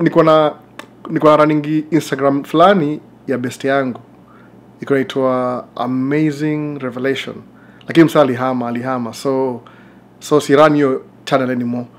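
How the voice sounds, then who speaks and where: A man's voice: medium pitch, slight background noise. A man from Kenya with a Kenyan accent, chatting casually to camera as a vlogger, full of rambling asides and chuckles.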